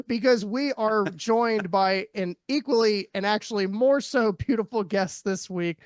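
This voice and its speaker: A man hosting a casual podcast interview, chatty and quick to laugh, with loose, filler-heavy phrasing. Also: high voice, clear, resonant tone, no echo, soft background music. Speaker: podcast host.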